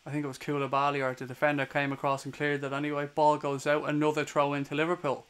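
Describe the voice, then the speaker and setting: A young man with an Irish accent calls a football match pass by pass for a fan stream. His voice sits a little high for a man, and his talk is quick, partisan and full of swearing when the other side annoys him. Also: completely flat delivery, fairly bright tone, smooth. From Ireland. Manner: swears hotly at opposing players. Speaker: fan watchalong streamer doing live commentary. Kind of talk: live play-by-play commentary to a stream chat.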